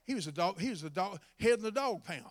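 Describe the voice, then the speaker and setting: A man preaching a sermon, moving from folksy storytelling to shouted, drawn-out exhortation. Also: high voice, lively intonation. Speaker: former drug addict giving testimony.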